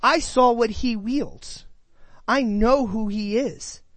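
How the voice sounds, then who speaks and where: High-voiced emphatic male preacher. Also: takes it slowly, fairly bright tone, dry recording. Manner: emphatic, addresses the congregation with questions. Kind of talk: sermon.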